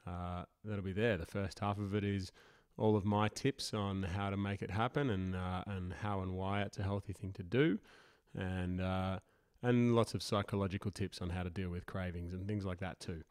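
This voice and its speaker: Low-voiced podcast host, dry sound. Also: male voice, flat delivery, normal speed, darkish tone, clean tone, no echo. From Australia. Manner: self-deprecating, chuckling, rambling with fillers. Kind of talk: casual solo podcast intro.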